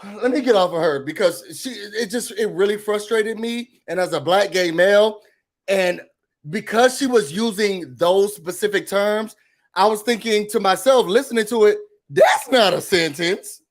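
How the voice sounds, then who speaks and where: Sassy, high-voiced man ranting. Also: normal speed. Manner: expressive, sassy, mimics quotes in a high voice. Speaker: recap show host. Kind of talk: animated recap and rant.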